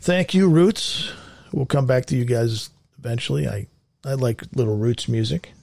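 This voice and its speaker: A man's voice: medium pitch, steady tone, moderate pace, creaky, dark tone, dry recording. A man hosting a show, reading news stories and riffing on them sarcastically, laughing often at his own jokes. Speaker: radio show host. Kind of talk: comedic news commentary.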